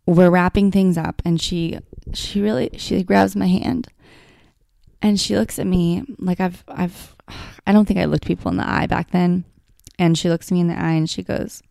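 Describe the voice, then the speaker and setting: A woman's voice: on the low side, steady tone, moderate pace, creaky, warm tone, no echo, clean studio sound. A woman telling a personal story in a candid, heartfelt way, full of "like" and "you know". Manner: emotional, heartfelt, filler-heavy with frequent "like".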